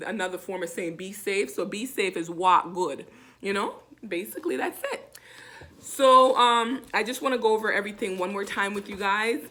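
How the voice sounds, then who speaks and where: A woman with a Jamaican accent teaching everyday phrases in a relaxed video lesson. She says each word slowly and more than once, with plenty of "um" and "you know". Her pitch sits in the middle. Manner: repeats words slowly, many fillers. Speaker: language teacher vlogger. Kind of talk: casual language lesson.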